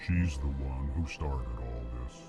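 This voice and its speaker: A colossal deadpan alien diplomat. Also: male voice, rumbling low, measured pace. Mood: flat formal. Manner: flat, announces each emotion before speaking. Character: huge slow-moving male alien ambassador, formal and gloomy. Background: game music.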